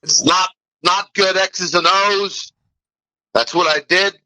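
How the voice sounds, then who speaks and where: A man's voice: high-pitched, fairly even intonation, slow pace, sharp tone, dry recording, heavily acted, poor audio. Man doing a rambling old ghost coach. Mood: folksy. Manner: rambling, nonsensical, jumps between stories. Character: rambling dead old football coach calling from heaven.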